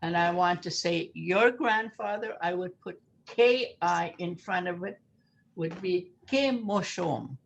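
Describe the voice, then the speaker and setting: A woman's voice: lowish voice, a little slow, gravelly, few pauses, a little hiss or hum. An older woman teaching a language lesson over a video call, patiently repeating words for her learners.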